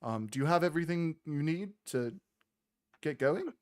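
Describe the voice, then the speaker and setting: A man voicing a friendly, chatty small gnome woman, a mother, in a bubbly falsetto. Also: lively intonation, moderate pace, a little mellow, lightly acted.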